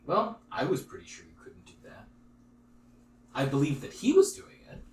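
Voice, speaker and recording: A man chats casually at a tabletop game, musing over rolls and rules. His pitch moves around a lot as he talks, and he is picked up from a distance in an echoey room with faint noise. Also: normal speed. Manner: lively, thinks aloud, hedges with "like". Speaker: player.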